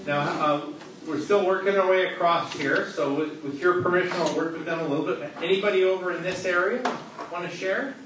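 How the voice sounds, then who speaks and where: A man's voice: high voice, fairly quick. A man giving an interactive sermon to a live audience, playful and joking as he questions people in the room. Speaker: preacher. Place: large hall with a live audience. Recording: echoey hall, distant, noisy.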